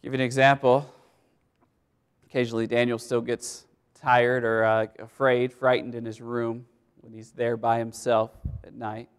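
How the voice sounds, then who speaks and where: A man's voice: mid-range voice, flat delivery, normal speed, clean tone. A male pastor preaching a sermon in a conversational way, repeating words and laughing as he goes.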